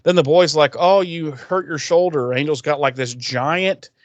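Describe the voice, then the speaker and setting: A podcast co-host with a slightly high voice casually recaps a TV episode, rambling and swearing as he retells scenes and briefly acts out characters in quick voices. The audio is dry and dull.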